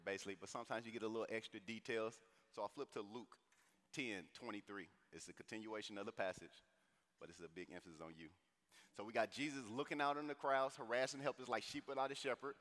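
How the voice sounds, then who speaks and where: Preacher man in a reverberant hall. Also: on the low side. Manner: animated, conversational preaching with slang. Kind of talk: sermon.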